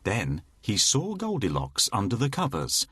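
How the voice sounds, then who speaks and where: A man reading a children's story aloud, slow and expressive. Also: on the low side, husky, no echo, studio quality.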